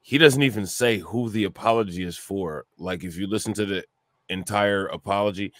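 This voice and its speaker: A man's voice: lowish voice, normal speed, a bit bright, no room sound, clean studio sound. A man co-hosting a casual podcast, giving blunt, dismissive commentary. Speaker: podcast co-host.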